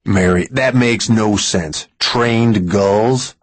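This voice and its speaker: A man voicing a level-headed male companion who questions in a measured, steady way in an audiobook. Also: low voice, slightly rough, dry recording, exaggerated voice. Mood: calm.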